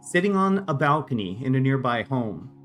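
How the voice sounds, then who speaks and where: Guy game master narrating a tabletop session, steady and descriptive, faint music behind. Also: mid-range voice, moderate pace.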